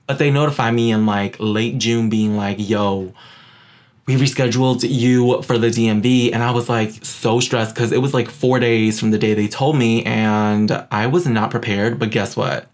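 A young man from Queens, New York, hosting a podcast in sassy, animated casual chat. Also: lowish voice, moderate pace, vocal fry. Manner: sassy, animated, says "girl" a lot. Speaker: podcast host.

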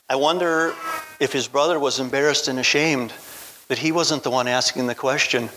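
A man's voice: medium pitch, fairly quick, fairly bright tone, slight background noise, rough recording. A man preaching a sermon, retelling a Bible story in a storytelling manner. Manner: storytelling, voicing Bible characters in quotes.

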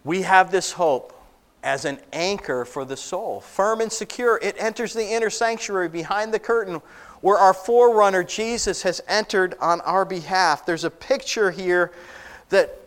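Lively high-voiced male pastor preaching. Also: normal speed. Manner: animated storytelling, acting out Bible scenes with asides and laughs. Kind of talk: sermon.

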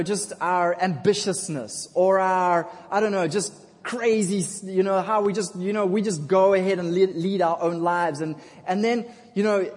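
A man preaching a sermon in a casual, jokey storytelling manner, calling out to the congregation for responses. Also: sits high. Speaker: pastor. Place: church. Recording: long church hall reverb.

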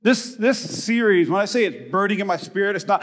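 A man in his thirties preaching a sermon as pastor, animated and joking, rising to shouts for emphasis. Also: high-pitched, fairly quick. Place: church hall. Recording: reverberant hall.

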